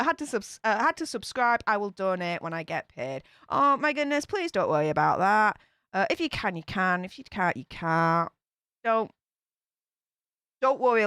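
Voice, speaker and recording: A woman's voice: mid-range voice, very animated, unhurried, a bit bright, clear, resonant tone, dry recording. A young woman with a Yorkshire accent hosting her channel, chatting casually as she reads viewer comments aloud. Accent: Yorkshire English. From Yorkshire, England. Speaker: YouTube channel host. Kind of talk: casual livestream chat reading comments.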